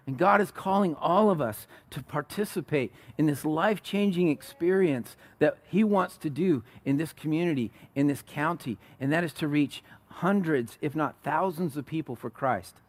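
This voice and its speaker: A man preaching a sermon in a conversational way. His voice sits a little high for a man, and it climbs into loud, emphatic bursts, then drops into quiet, low asides. The sound is close and dry, with no room around it. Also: normal speed, hardly any pauses, dry recording. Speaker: pastor.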